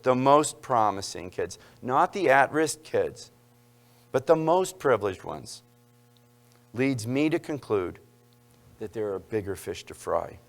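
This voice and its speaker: Male lecturer, mid-pitched voice, public talk with playful audience asides. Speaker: university lecturer. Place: lecture hall.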